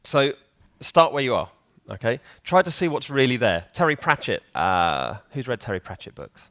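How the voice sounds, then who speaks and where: A man's voice: mid-range voice, sing-song, normal speed, a bit bright. A man giving a live conference talk in a hall, chatty and joking, quizzing the audience. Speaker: conference speaker.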